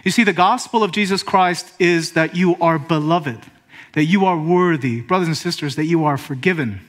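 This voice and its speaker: A male pastor preaching a sermon, speaking with pauses and rising emphasis. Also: a little high.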